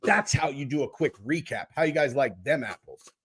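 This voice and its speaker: A man's voice: medium pitch, lively intonation, normal speed, a bit bright, husky. A man hosting a casual livestream, rambling and swearing freely while joking with his chat. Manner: rambling, profane, jokey. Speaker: host.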